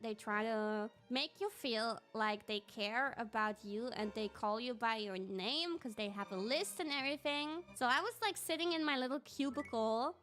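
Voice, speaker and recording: Bright high-pitched woman streamer. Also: moderate pace, few pauses, faint music behind. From Austria. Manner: animated and giggly, with lots of "like" fillers. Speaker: livestream host. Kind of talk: casual livestream storytelling.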